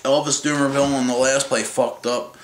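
A man's voice: mid-range voice, level tone, moderate pace. Angry fan vlogger, male, swearing rant, roomy echo, faint hiss. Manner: profane, heated, mocking. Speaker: sports fan ranting. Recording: echoey room with faint noise.

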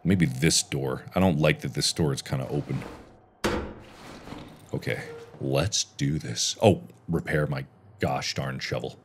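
A man's voice: a bass voice, measured pace, long pauses, slight background noise. Man joking and shrieking through a horror game. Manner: jokey, swings from mutters to loud shrieks. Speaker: gaming YouTuber. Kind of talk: horror game let's play commentary.

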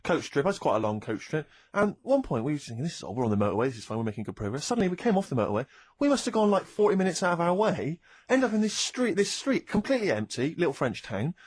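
A man telling an amused travel story in a quick, animated, chatty way. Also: fairly high pitch, breathy edge. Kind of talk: casual podcast chat.

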